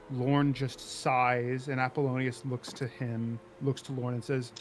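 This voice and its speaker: A man's voice: medium pitch, level tone, unhurried, hardly any pauses, slight background noise. A man narrating as game master in a loose, easygoing way full of fillers.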